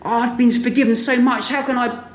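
A man's voice: very high-pitched, steady tone, brisk, pitched above the performer's own voice. A man acting out a male servant who has just been forgiven, speaking in rising, emotional exclamations. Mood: overwhelmed. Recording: echoey room.

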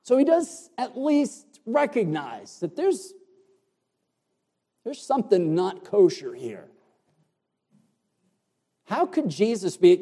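A man preaches verse by verse, stressing each word with deliberate emphasis. His voice is dark and mellow, though pitched a touch high. The sound carries a long reverb, as in a church hall. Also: big pitch swings, husky. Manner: explains Greek words, emphatic and deliberate. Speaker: pastor. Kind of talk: expository sermon.

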